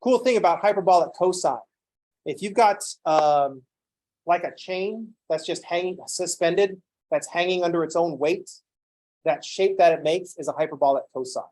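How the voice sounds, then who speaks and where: Animated man giving a calculus lecture. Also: high voice, moderate pace. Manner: animated, playfully ranting. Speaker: calculus instructor. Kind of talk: classroom lecture.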